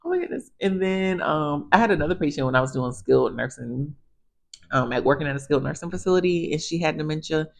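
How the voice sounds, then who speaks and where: A woman physical therapist telling stories in a chatty, animated way, addressing viewers casually. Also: low voice, fast, gravelly. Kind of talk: casual storytelling monologue.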